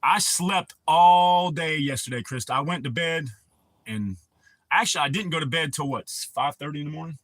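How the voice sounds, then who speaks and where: A man's voice: a little high, moderate pace, a bit bright, no room sound. A man, hosting a casual livestream and rambling crudely with a lot of swearing. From United States. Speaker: livestream host.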